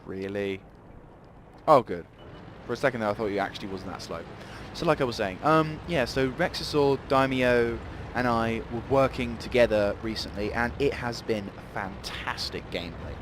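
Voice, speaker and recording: Guy rambling thru tank game commentary, middle pitch, cursing outbursts. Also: normal speed, background noise. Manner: rambling, swears in sudden outbursts. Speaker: gameplay commentator. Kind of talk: live gameplay commentary.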